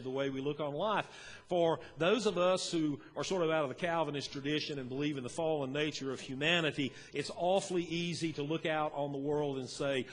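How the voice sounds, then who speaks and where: Middle-aged male pastor, folksy sermon storyteller, slightly high voice, long church reverb. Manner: folksy, storytelling, chuckles often. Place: church sanctuary.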